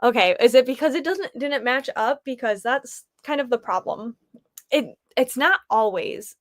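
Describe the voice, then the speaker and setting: A woman's voice: fairly high pitch, normal speed, dry recording, studio quality. Chatty woman rambling on a livestream. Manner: chatty and rambling, thinking aloud. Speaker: livestream host. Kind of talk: casual livestream chat.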